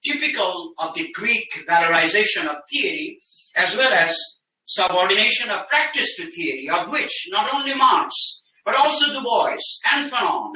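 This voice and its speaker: A professor lectures in a bright, piercing voice, pressing hard on key words and doubling back to restart his sentences. He is caught from some distance by the mic, and the lecture room rings around him. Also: high-pitched, reverberant. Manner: emphatic, dense academic phrasing with frequent restarts. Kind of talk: academic lecture.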